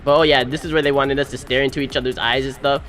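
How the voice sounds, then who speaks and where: A slangy young groom narrates casually over wedding photos, telling the story with animation and quick voice-acted quotes. His voice is medium-pitched, with soft music in the background.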